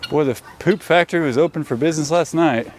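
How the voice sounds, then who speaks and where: A man's voice: a little high, fast talker. Homestead man, easygoing chore chat, outdoors with faint hiss. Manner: easygoing, talks to animals, laughs often. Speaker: homestead vlogger. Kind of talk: casual chat while doing farm chores. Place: outdoor animal pen.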